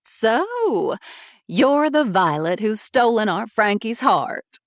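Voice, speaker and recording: A woman voicing a cheerful, bossy middle-aged mother who gives orders in a lively way. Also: fairly high pitch, slow pace, no room sound, voice pushed up, full character voice. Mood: welcoming. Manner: bustling, commanding, lively.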